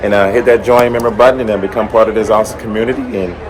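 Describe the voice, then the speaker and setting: A man from the American South, hoarse, hosting a car vlog in an upbeat, chatty way that speaks straight to his viewers. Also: lowish voice, fairly even intonation, rapid-fire, noisy background. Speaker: car channel host. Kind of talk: casual vlog talk to camera. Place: conference room at a car event.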